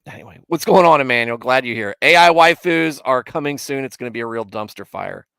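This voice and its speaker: A man hosts a casual livestream, reading viewer comments aloud and chatting with them. He rambles and mocks himself, slipping into mock indignation. His voice sits at an ordinary male pitch and is recorded dry and close. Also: expressive, fairly quick, gravelly, bright, forceful tone, smooth, dry recording. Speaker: livestream host.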